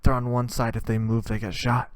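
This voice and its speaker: A man's voice: mid-range voice, level tone, a little fast, clean tone, no echo. A man hosting a podcast, delivering a rambling, profane comedic monologue in which he acts out scenes. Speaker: podcast host.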